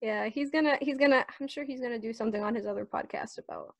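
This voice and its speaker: A woman's voice: fairly high pitch, vocal fry, dry recording. A young woman co-hosting a podcast in casual chat, giggly and emotional. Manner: giggly and emotional, quick to tear up. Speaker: podcast co-host.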